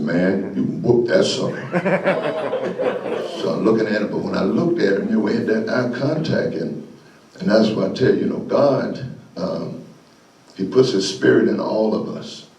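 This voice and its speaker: An older man tells folksy stories as a guest speaker, laughing often as he goes. His voice sits a little low, and it is picked up from some distance in an echoey room. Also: a little mellow. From Florida, USA. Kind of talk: storytelling speech. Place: meeting hall.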